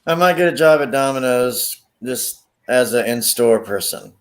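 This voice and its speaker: A man's voice: mid-range voice, expressive, moderate pace. A man making self-mocking wisecracks in a casual chat with friends.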